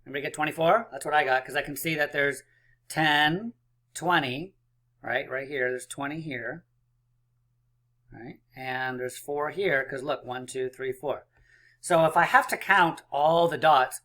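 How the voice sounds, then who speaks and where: A man's voice: fairly high pitch, normal speed, bright, forceful tone. A male teacher leading a counting lesson for young children, encouraging and playful as he counts dots aloud.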